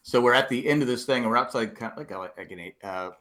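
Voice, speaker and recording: A man's voice: mid-range voice, fast, fairly bright tone. A man from California telling rambling anecdotes with many restarts in a casual chat.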